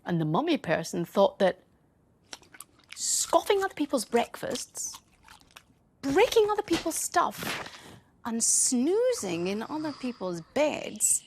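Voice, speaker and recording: A woman teacher reading a bedtime story in a gentle, expressive way, her voice sitting fairly high. She lets her pitch rise and fall a lot and takes the words slowly.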